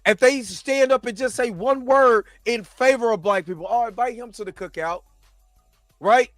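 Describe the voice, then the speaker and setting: A man's voice: extremely high pitch, normal speed, a bit bright, no room sound, soft background music. A man hosting a reaction show, delivering heated, impassioned commentary with frequent stumbles and restarts.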